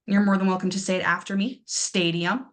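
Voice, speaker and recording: A young woman teaching an English lesson, talking with fillers and encouragement and slowly drawing out words to model their pronunciation. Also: mid-range voice, fairly bright tone. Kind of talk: classroom lesson explaining pronunciation.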